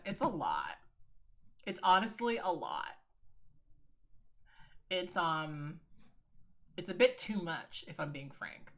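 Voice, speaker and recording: Woman livestreamer, lowish bright tone, frank chatty delivery, swears freely, addresses viewers as girl. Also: sing-song, unhurried, pauses often. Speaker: livestreaming video creator. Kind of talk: casual livestream chat.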